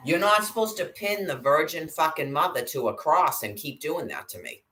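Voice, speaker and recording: A woman's voice: deep voice, animated, moderate pace, background noise. A woman in an agitated, profanity-filled angry monologue to camera. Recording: roomy echo.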